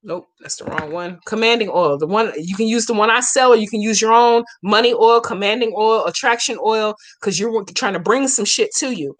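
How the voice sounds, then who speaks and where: A woman speaks briskly in a mid-range voice, with few pauses, while hosting a live Q&A as a hoodoo practitioner. She talks to viewers brashly and profanely, delivering slangy, emphatic step-by-step instructions for a spell during this casual stream tutorial.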